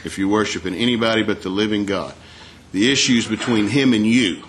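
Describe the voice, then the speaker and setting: A man preaching a sermon in a conversational way, asking the congregation rhetorical questions and reading scripture aloud more slowly. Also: on the low side, background noise. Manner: reads scripture aloud in a slower, raised voice.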